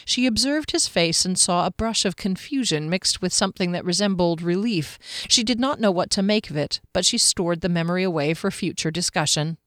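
A woman narrating a fantasy audiobook in a steady, measured storytelling manner. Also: fairly low pitch, dry recording, studio quality. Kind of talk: scripted narration.

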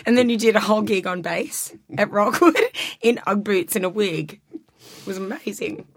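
A woman's voice: mid-range voice, lively intonation, moderate pace, no echo. An Australian woman, a musician, chatting casually, laughing often and swearing freely. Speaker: musician guest. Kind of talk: casual chat.

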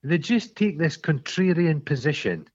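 A Scottish man co-hosting a podcast, telling stories in a sweary, animated way and acting out the quarrels in them. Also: fairly high pitch, measured pace, slightly rough, muffled recording. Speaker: podcast co-host. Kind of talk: casual chat.

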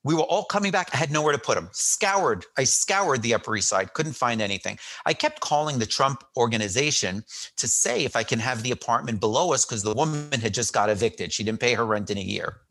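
A middle-aged man spinning a story in a casual interview chat. His voice is bright and forward, with lively swings in pitch. He acts out quoted lines and often restarts his sentences as he goes. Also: brisk. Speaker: guest.

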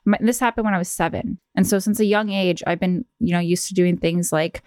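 A woman's voice: lowish voice, steady tone, brisk, a little mellow, clean tone, no echo, clean studio sound. Woman in her thirties telling a story. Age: 30s. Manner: storytelling, many fillers like "you know" and "like". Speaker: podcast co-host. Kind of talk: casual podcast chat.

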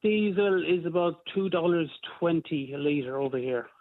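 A man from Ireland calling in, with an Irish accent and a slight Australian twang, relaxed and colloquial. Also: fairly high pitch, moderate pace, dry recording. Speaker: caller. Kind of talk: phone-in call. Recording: tinny phone line.

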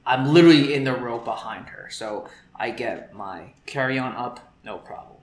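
A man's voice: mid-range voice, moderate pace, echoey room, slight background noise. A man co-hosting a podcast, telling a story in casual chat and acting out the people in it. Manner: animated, acts out quoted people.

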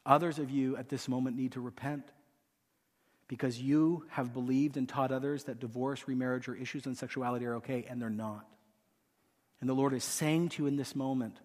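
A man preaching a sermon and leading a hushed, pleading prayer from a church stage. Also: mid-range voice, fairly even intonation, moderate pace, long pauses. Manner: earnest, hushed and pleading, voicing Jesus softly. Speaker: pastor. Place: large church auditorium. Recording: long hall reverb.

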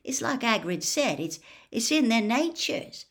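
An earnest teenage wizard boy who halts and searches for his words, read by a woman. He talks slowly, at a storybook pace. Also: on the high side, sing-song, a bit bright, voice pushed up, exaggerated voice. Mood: uneasy. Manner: hesitant, stumbling for words.

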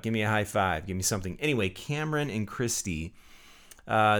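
A man's voice: lowish voice, fairly bright tone. A man, a pastor, hosting his podcast in a chatty, jokey, self-deprecating monologue. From Midwestern United States.

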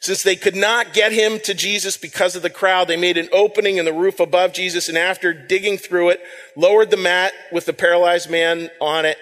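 Guy preaching a sermon, kinda high voice, long echo like a big church. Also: steady tone, fairly quick, fairly bright tone. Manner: conversational, repeats words, reads scripture aloud. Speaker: pastor. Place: church sanctuary.

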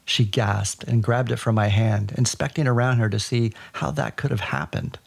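Gravelly, husky male storyteller. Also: lowish voice, moderate pace. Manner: wry, deadpan storytelling. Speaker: podcast storyteller. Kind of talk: personal story narration.

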